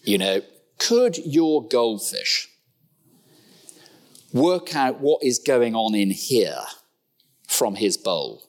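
Lively humorous male preacher. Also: extremely slow, pauses often. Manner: lively, humorous asides and sudden pitch jumps. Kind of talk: sermon. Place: church.

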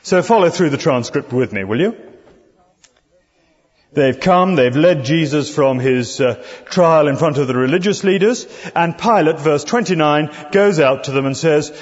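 Preacher, rhetorical and chatty. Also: male voice, a little high, expressive, moderate pace. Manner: conversational, asks the listeners rhetorical questions. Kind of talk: expository sermon. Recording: dull recording in a reverberant hall.

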